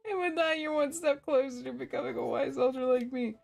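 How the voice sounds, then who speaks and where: A woman's voice: high-pitched, brisk, vocal fry, a little mellow, soft background music, pitched above the performer's own voice. A woman reading a smug male cat villager. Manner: reads game dialogue aloud in her own voice.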